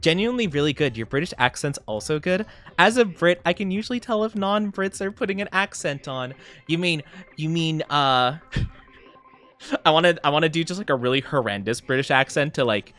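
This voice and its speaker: A male VTuber streamer giving casual live gameplay commentary, bubbly and excitable, giggly and rambling with lots of fillers. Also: on the high side, moderate pace.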